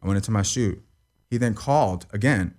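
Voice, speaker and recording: A young man with a slightly low voice recounts a hard personal story as a guest. He talks in loose, repetitive runs, swears freely and keeps checking in with "you know what I mean.". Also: brisk, darkish tone. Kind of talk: emotional personal account in an interview.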